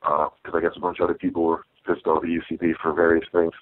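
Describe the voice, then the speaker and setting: A man, a stand-up comedian, talking casually in an interview, halting and restarting often. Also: sits low, completely flat delivery. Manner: halting, with many restarts and fillers. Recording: dry, tinny phone-like sound.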